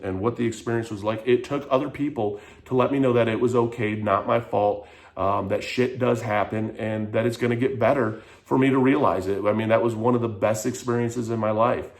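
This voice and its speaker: A man's voice: mid-range voice, steady tone, brisk, hardly any pauses. A man frankly telling a personal story in a vlog, emotional and rambling, with lots of "like". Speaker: vlogger.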